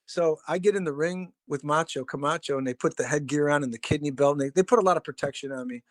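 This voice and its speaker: A man's voice: on the high side, fast, no echo, clean studio sound. A middle-aged man, a drummer and podcast guest, telling stories casually in a rambling, profane, laid-back way with lots of fillers. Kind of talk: casual storytelling.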